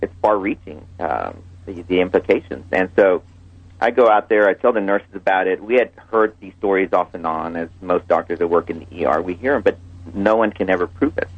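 A man, an emergency room doctor, telling a story in an interview, halting with many fillers and restarts. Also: deep voice, breathy edge, dry recording, muffled recording.

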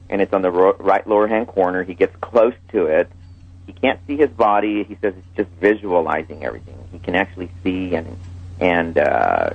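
A man, an emergency room doctor, telling a story in an interview, halting with many fillers and restarts. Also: low-pitched, dry recording, narrow, tinny audio.

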